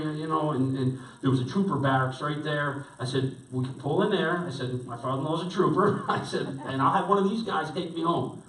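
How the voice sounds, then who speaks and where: Middle-aged pastor telling a story in a roomy hall. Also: male voice, on the high side, a little fast, hardly any pauses. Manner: animated, rambling anecdote with restarts. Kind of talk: sermon with personal storytelling. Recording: roomy sound picked up from a distance.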